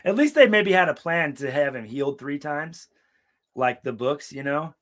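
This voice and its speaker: A man's voice: fairly high pitch, expressive, normal speed, a bit bright. A young man co-hosting a casual live watch-along chat, rambling and swearing freely while telling stories from a hot room without air conditioning. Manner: profane, rambling storyteller. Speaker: podcast co-host.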